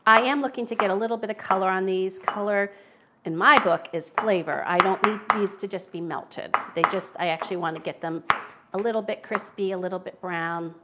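A woman's voice: mid-range voice, a little fast, heavy background noise. A woman from the United States hosting a casual cooking livestream, chatting in a self-deprecating way as she cooks in her home kitchen.

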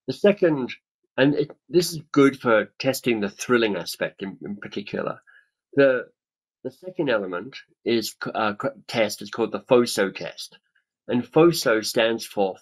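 This man's lowish voice is expressive and moves at normal speed, though the webcam audio on the video call is poor. In his fifties, the author and webinar speaker leads a coaching session with enthusiasm, impersonating other people's reactions.

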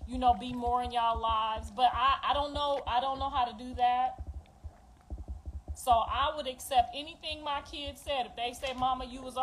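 A woman's voice: high-pitched, steady tone, moderate pace, a bit bright, slight background noise, rough recording. A woman in her fifties, a mother telling her life story in an emphatic, blunt, confessional livestream rant. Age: 50s.

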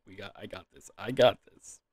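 A husky, lowish male voice comes through fairly quickly in a dry recording. The gaming video creator is doing casual solo vlog talk near the microphone, dry-mouthed and repeatedly overcome by laughter.

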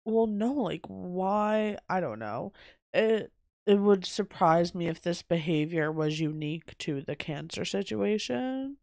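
A man's voice: high voice, lively intonation, measured pace, gravelly, a little mellow, dry recording, studio quality. A young man co-hosting a podcast, speaking earnestly and reflectively in a casual reaction chat.

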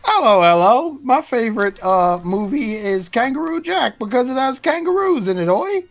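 A woman's voice: fairly high pitch, very animated, normal speed, soft background music. A woman doing a mock Australian accent as a cheesy stereotyped Australian greeter, hammy and playful. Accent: mock Australian, drifting British.

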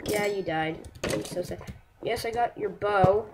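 A young woman chatting through her own gameplay, excitable and self-mocking, yelping and shouting at enemies between slow, rambling remarks. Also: mid-range voice, heavy background noise. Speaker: gameplay streamer. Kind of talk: casual live commentary while playing a game.

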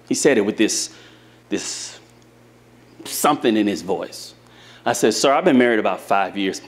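A man's voice: on the low side, lively intonation, normal speed, long pauses. A man preaching a sermon to a live congregation in church, speaking to them directly and telling folksy, humorous stories. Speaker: pastor.

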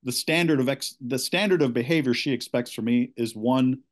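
A middle-aged man seeking coaching, giving a candid, halting account of his marriage with many restarts. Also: medium pitch.

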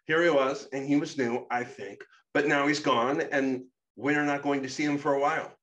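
A man putting on a loud, stern Shadow. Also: mid-range voice, steady tone, normal speed, reverberant, far from the mic, muffled recording, pitched above the performer's own voice, close to an everyday voice. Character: stern, forceful male alter named Shadow.

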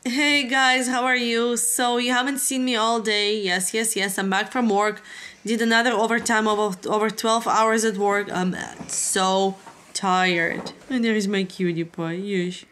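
A woman's voice: a little high, level tone, normal speed, a bit bright. A woman hosting a casual family vlog, chatty, with slightly non-native phrasing. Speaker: vlog host.

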